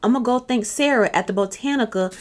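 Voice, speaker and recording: A proud young woman who heals with herbs and prayer rattles off everything she did in quick, insistent lists, as a storyteller puts her on. Her voice sits a little higher than the teller's own and comes out fast and pressing. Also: darkish tone, lightly acted. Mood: indignant. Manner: rapid, insistent listing. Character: young woman healer, proud then indignant.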